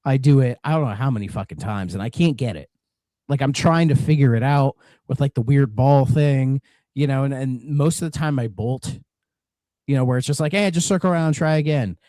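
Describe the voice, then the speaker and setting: A man's voice: medium pitch, moderate pace, dark tone, dry recording. A man co-hosting a retro game podcast in casual, rambling chat, swearing and drifting into rants. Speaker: podcast co-host.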